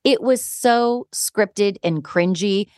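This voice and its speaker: A woman hosting a podcast in casual chat, an animated storyteller who often breaks into laughter. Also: medium pitch, slow pace, dry recording, clean studio sound. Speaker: podcast host.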